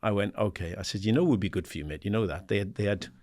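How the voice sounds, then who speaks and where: A man in his sixties from England, a guest in an interview, telling animated stories and acting out the dialogue. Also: fairly low pitch, very fast. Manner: animated anecdotes, acts out quoted dialogue, laughs often; swears casually, says "mate". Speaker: guest, former footballer and assistant manager. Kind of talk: casual storytelling interview.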